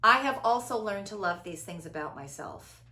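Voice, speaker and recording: A middle-aged woman talking loudly and dramatically, with big inflection and frequent laughs. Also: mid-range voice, expressive, moderate pace. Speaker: host. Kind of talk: casual conversation. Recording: echoey room.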